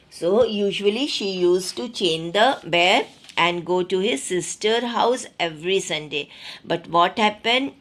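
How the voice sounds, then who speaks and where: Woman, Indian accent, teacher, slow unhurried pace, reads and re-explains, mixes in Hindi. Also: mid-range voice, a bit bright. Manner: reads a line, then explains it again in simpler words, mixing in Hindi. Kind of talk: explaining a textbook story in class.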